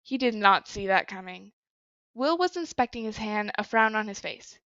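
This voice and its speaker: A woman reading a story aloud in a plain, even manner with small slips. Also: medium pitch, moderate pace, clear, resonant tone, dry recording, dull audio. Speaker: story reader. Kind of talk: reading fan fiction aloud.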